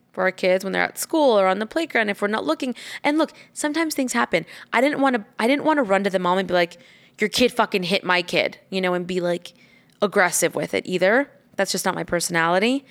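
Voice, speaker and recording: A woman tells a story in relaxed conversation, animated and quick to swear as she acts out quoted lines. Her voice sits at a middle pitch for a woman. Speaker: mother telling a story. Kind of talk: casual storytelling chat.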